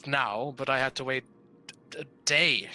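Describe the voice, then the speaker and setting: A man playing a tabletop game, speaking hesitantly and filling pauses with "uh". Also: mid-range voice, bright, forceful tone, low-quality recording. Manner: hesitant, full of fillers. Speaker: player. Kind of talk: casual tabletop play.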